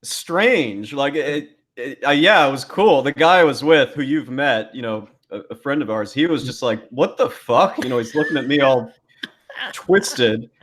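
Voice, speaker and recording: A man's voice: medium pitch, lively intonation, a little slow, a bit bright. A male podcast co-host in casual chat, laid-back and laughing often between fillers.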